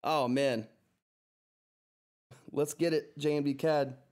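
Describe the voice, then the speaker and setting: Male livestream host, somewhat high voice, excitable and gushing, laughs between lines, seated at home. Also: takes it slowly. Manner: effusive, thanks viewers over and over, laughs often; excitable, flustered exclamations. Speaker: livestream host reading viewer chat. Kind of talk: live stock-trading stream commentary.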